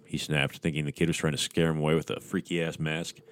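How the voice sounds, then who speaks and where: A man with a very low voice reads a horror story aloud, breaking in with crude, mocking asides. The sound is close and dry, with no room around it. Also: little pitch movement, brisk, hardly any pauses, clean tone, no room sound. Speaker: podcast host. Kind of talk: sardonic horror story reading.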